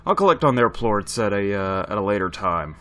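A man's voice: on the low side, animated, brisk, bright, forceful tone, soft background music. A man giving casual let's play commentary, thinking aloud and chatting to his viewers. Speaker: gaming channel host.

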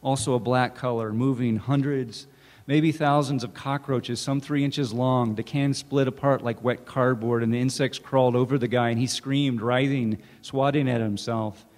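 A man, an author, reading his own fiction aloud in a measured, deliberate way at a campus event. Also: mid-range voice, fairly even intonation, a little mellow. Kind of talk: literary reading. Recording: reverberant hall.

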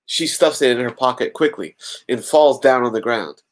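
A man's voice: mid-range voice, moderate pace. A man hosting a podcast, reading a fan-written story aloud and breaking off for joking comments. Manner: adds joking asides to the story. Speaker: podcast host.

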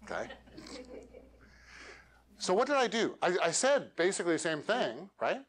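A man's voice: sits high, very animated, moderate pace. A man giving a live workshop talk to a meetup audience, coaching directly and ending his points with questions. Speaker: featured speaker.

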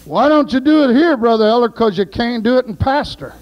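High-voiced preacher man. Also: lively intonation, a little fast, lo-fi sound. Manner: folksy storytelling, shouts praise. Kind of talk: sermon.

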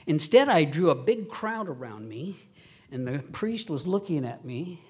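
Man, pastor, sermon, slightly high voice, husky, animated. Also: a little slow. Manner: animated, acts out quoted voices, laughs at his own stories.

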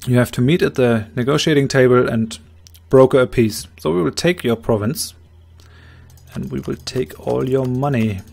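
A man with a slightly hoarse voice calmly explaining his moves, thinking aloud in a strategy game let's play. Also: mid-range voice, normal speed. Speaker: game commentator.

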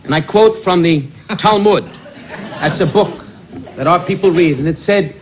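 A man doing insult comedy at a roast, brash and mock-solemn, heard on a noisy old broadcast over loud audience laughter. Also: sits high, moderate pace, some chatter behind. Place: banquet hall before a live audience.

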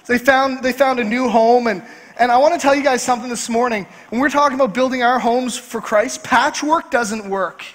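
A male pastor preaching a sermon in a church, driving points home by repeating key phrases slowly. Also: very high voice, fairly even intonation, fairly bright tone. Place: church sanctuary. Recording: long church hall reverb.

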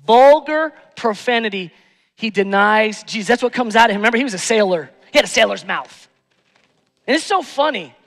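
A male pastor preaching a sermon, moving between hushed, tender lines and loud, emphatic ones. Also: high voice, big-room sound. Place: church sanctuary.

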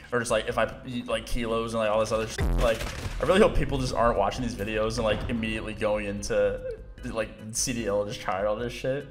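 A man casually commentating his own gameplay, excitable, laughing often and swearing, with game audio playing behind him. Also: on the low side. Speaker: gaming YouTuber. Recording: game music and gunfire behind.

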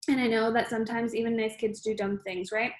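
A woman reading the lines of a kind but firm male school principal in a calm, reassuring way. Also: on the high side, a little fast, echoey room, lightly acted.

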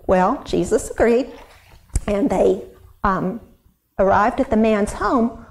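A woman's voice: on the high side, takes it slowly. A woman Sunday school teacher, expressively telling a Bible story to children and asking them questions. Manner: animated, expressive, asks the kids questions.

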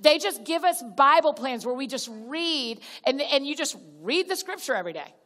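A woman's voice: high-pitched, lively intonation, normal speed, fairly bright tone. A woman giving a conversational sermon as a guest speaker at a church gathering. She talks directly to the crowd, calls them y'all, restarts sentences, and acts out little prayers. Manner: chatty, direct, addresses listeners as y'all. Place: church auditorium. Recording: long reverb of a large hall.

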